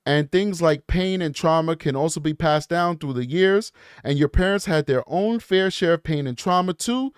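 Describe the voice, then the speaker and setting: A man's voice: a little high, moderate pace, clear, resonant tone, dry recording, studio quality. A man hosting a true crime show, reading emails aloud and breaking off into blunt, scornful commentary aimed at his viewers. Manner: blunt, emphatic, scornful asides; talks straight to his viewers.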